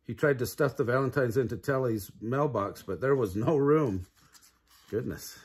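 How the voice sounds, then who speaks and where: Grandpa reading a kids book out loud, kinda husky, does little sound effects. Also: male voice, medium pitch, moderate pace. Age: older. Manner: warm storytelling with sound effects. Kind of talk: children's storybook read-aloud.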